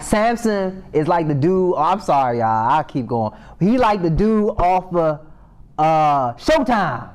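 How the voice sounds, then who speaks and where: Bible class teacher, male, slightly high voice, loose slangy delivery that reads a verse and then comments on it. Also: darkish tone. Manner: slangy and conversational, reads scripture aloud and riffs on it. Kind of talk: casual Bible study teaching. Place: Sabbath class meeting room.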